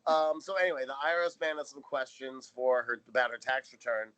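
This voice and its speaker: A man's voice: mid-range voice, a little fast, fairly bright tone, smooth, low-quality recording. A man co-hosting a podcast, chatting casually and sarcastically about a sitcom episode, swearing now and then. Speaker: podcast co-host.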